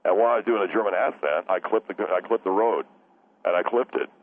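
A man's voice: low voice, fast talker. A man playing a forgetful, rambling young caller who keeps apologising and losing his train of thought. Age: young adult. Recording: tinny phone line with faint noise.

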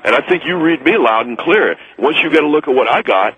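For a radio comedy bit, a man plays a cocky telemarketer in his 20s, a smug, boastful sweet-talker who brags about himself in a nasal, slurred voice. His own delivery is a little high, husky and brisk with lively intonation, and the broadcast sound is dull.

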